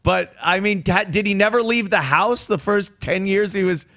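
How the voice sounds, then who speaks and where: A man's voice: sits high, normal speed, pushed and bright. A man hosting a casual talk show, chiming in briefly and laughing along with his guest. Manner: laughs along, short interjections. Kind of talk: casual chat.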